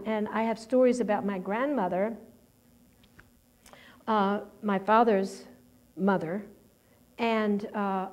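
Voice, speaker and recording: A woman's voice: fairly high pitch, darkish tone. A middle-aged woman preaching a personal testimony sermon, talking in a conversational, rambling way with many restarts and fillers.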